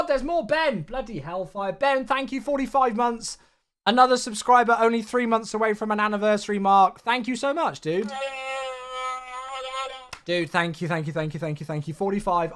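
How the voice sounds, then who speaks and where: A high-voiced man streams a flight simulator, gushing enthusiastically to his audience in a relaxed, chatty manner. Despite the excitement, he sounds weary.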